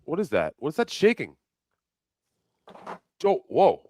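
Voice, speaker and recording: A man hosting a live show, talking casually, excitable and teasing, putting on mock alarm. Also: fairly high pitch, takes it slowly. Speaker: livestream host.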